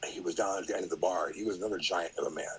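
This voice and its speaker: A man's voice: low voice, very fast, fairly bright tone, a little hiss or hum, rough recording. A middle-aged man, a podcast guest, telling a story in a rambling, casual way, full of fillers and acted-out quotes.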